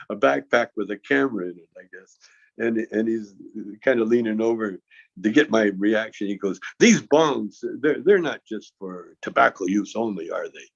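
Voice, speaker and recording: Through dull lo-fi audio, a man with a creaky, medium-pitched voice spins a lengthy story as a guest. He keeps chuckling, stumbling, and starting his sentences over in a relaxed, casual way.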